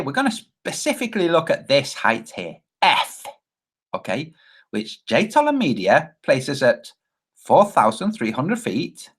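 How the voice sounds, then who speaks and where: Husky, chatty man. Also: mid-range voice. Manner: chatty, sarcastic, keeps asking "okay?". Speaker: video commentator. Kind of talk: casual commentary over videos.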